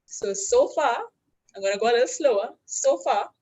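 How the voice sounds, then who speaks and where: A woman with a Trinidadian accent, her voice sitting a little high. She walks listeners through simple hand signs, step by step, with patient, clear instruction. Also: lively intonation, normal speed, a little mellow, poor audio. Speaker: sign language instructor. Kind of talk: teaching a class. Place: university orientation session.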